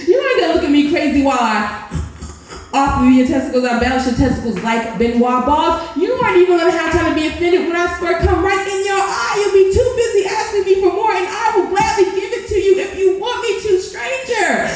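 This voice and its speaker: A woman's voice: extremely high pitch, a little fast. A woman performing erotic spoken-word poetry at a live open mic in a lounge, sultry and playful, with laughing asides to the crowd. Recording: very echoey live room.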